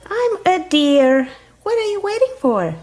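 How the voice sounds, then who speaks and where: A woman voicing an eager, excited young toy deer in a children's toy video. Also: very high-pitched, unhurried, full character voice.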